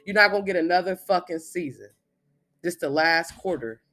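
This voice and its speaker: A man's voice: sits high, animated, moderate pace, bright, forceful tone. A man in his thirties, a spiritual reader, giving a blunt, profane, emphatic monologue. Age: 30s.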